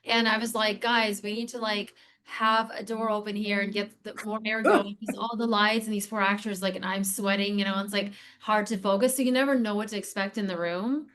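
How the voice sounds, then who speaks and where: A woman's voice: medium pitch, steady tone, fairly quick, fairly bright tone, a little hiss or hum. A woman guest on an interview podcast, a casting director, talking in a chatty, digressive way with lots of fillers. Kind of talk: casual interview conversation.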